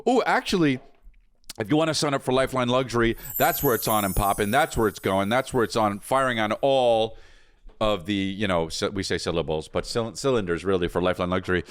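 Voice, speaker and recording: A man's voice: medium pitch, normal speed, smooth, dry recording. A man in his thirties co-hosting a podcast, rambling in casual chat and stumbling over names and restarts. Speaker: podcast co-host.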